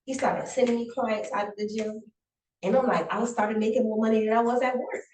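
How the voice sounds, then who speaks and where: A woman, a chef and business owner, telling her story as an interview guest in a lively, heartfelt way and acting out the voices of the people she quotes. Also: fairly high pitch, brisk. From South Carolina Lowcountry. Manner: animated, acts out quotes, emotional and grateful. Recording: echoey room, voice from a distance.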